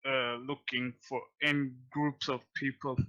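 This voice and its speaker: Guy player asking slow hesitant questions, bright tone, kinda dull lo-fi audio. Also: mid-range voice, little pitch movement. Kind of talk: casual tabletop play.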